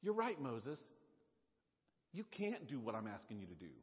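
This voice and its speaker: A man preaching a sermon in an animated, conversational way, with fillers and repeated words. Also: medium pitch, normal speed, slightly rough. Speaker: pastor. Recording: dull lo-fi sound, long hall reverb.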